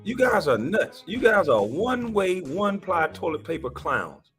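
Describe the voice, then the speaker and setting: Loud combative man ranting as host. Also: high voice, big pitch swings, moderate pace, soft background music. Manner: loud, combative, repetitive insults. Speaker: streamer hosting an online panel. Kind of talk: heated commentary rant.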